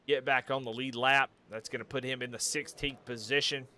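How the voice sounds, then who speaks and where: A man calling a sim race live, excitable and given to repeating the same questions. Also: mid-range voice, a little fast. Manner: excitable, repeats questions, builds to shouting at the finish. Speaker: sim racing commentator.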